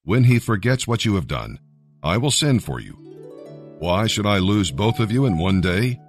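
A man reading scripture aloud in a measured, earnest way, with short devotional comments between passages. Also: on the low side, big pitch swings. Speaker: Bible reader. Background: faint music.

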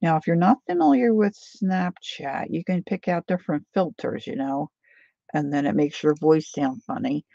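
A woman's voice: low-pitched, moderate pace, creaky, warm tone, no room sound, lo-fi sound. A woman hosting a casual painting tutorial, chatty and often drifting into side stories as she works.

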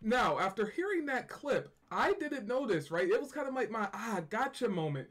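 A man's voice: high voice, very animated, normal speed, a bit bright. A man hosting a fan channel, giving loose, casual reaction commentary and repeating himself as he talks.

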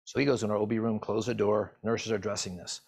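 Middle-aged man, husky and lowish, halting and emotional storytelling. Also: steady tone, a little mellow. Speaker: physician assistant and medical educator. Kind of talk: personal story told to camera.

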